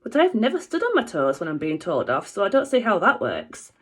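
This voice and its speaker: A teacher reading a children's book aloud with an expressive, animated delivery. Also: female voice, medium pitch, fairly quick, breathy edge.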